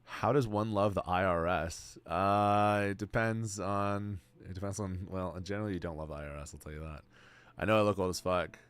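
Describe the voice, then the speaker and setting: A man's voice: low voice, fairly even intonation, normal speed, smooth, no echo. A man in his twenties, streaming and answering chat in casual, blunt talk full of bro and man. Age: 20s. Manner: blunt, slangy, calls everyone bro and man.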